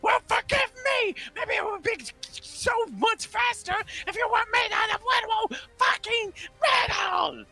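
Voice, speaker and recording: A man voicing a panicky, nervous adventurer with a shrill, strained voice. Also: huge pitch swings, slow, sharp tone, soft background music, full character voice. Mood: panicked. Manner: panicked shrieking.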